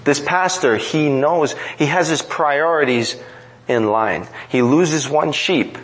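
A man's voice: fairly high pitch, takes it slowly, a little hiss or hum, rough recording. Earnest preaching man, repeating his points. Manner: earnest, repetitive emphatic preaching. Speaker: pastor. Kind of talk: sermon.

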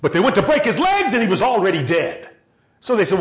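A man preaching a sermon with passion, moving between loud shouting and low, quiet lines. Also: sing-song, a little fast, reverberant, highs cut off.

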